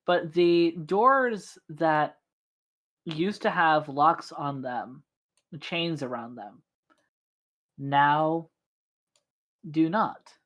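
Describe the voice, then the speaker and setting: A woman narrating a tabletop game as game master, in slow, halting narration with fillers. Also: sits low.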